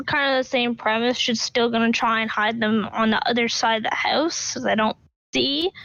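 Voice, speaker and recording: Casual high-voiced woman player on a dull lo-fi recording. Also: steady tone, normal speed, gravelly, a bit bright, dry recording. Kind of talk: tabletop game play.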